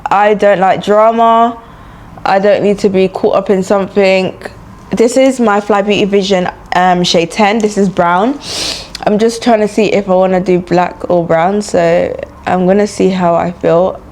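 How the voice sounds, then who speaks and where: A woman's voice: mid-range voice, steady tone, measured pace, darkish tone. Chatty young London woman doing her makeup. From London, England. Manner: chatty and frank, full of "like" and "you know" fillers. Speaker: beauty and travel vlogger. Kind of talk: get-ready-with-me casual chat. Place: indoors while travelling.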